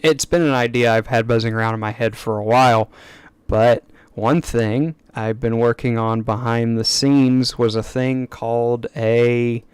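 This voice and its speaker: A man's voice: mid-range voice, smooth, dry recording. A man chatting on a casual live stream at his desk mic, rambling and eager, with stammered restarts and asides. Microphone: desk microphone.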